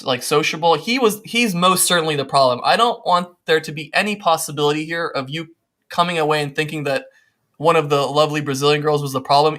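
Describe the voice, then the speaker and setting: A man hosting a podcast in casual chat, telling stories in a lively, animated way with playful asides. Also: on the high side. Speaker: podcast host.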